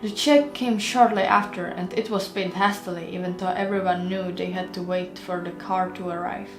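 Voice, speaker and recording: A woman's voice: on the low side, fairly even intonation, moderate pace. A woman reading an audiobook aloud in plain storytelling, then chatting to viewers. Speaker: audiobook narrator. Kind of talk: audiobook narration. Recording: roomy with faint music.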